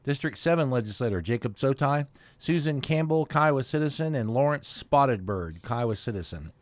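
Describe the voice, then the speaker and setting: A man hosts a radio talk show, reading the sponsors and introducing guests in a relaxed, friendly way. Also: mid-range voice, moderate pace.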